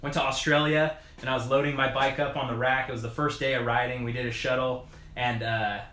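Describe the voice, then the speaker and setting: Tinkering with his bike on a live stream, this mountain bike creator replies to live chat in a loose, rambling way, full of fillers and false starts and often chuckling. He speaks fairly quickly in a mid-range voice that stays fairly flat in pitch and sounds pushed and bright, in an echoey room.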